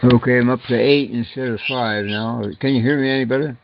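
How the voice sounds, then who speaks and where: An older man speaking haltingly on a group call, pausing and clearing his throat often. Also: mid-range voice, steady tone, a little hiss or hum. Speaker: call participant. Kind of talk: casual discussion on a conference call. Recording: dull lo-fi call audio.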